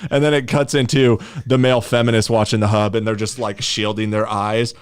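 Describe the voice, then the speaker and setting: A man's voice: on the low side, flat delivery, fairly quick, clear, resonant tone. A young man hosting a podcast, chatting casually in a blunt, mocking way and swearing freely. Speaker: podcast host.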